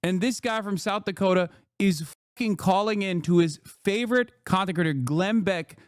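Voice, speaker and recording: A man's voice: high-pitched, moderate pace, clean tone, no echo, studio quality. Profane, mocking male streamer. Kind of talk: live-stream reaction commentary.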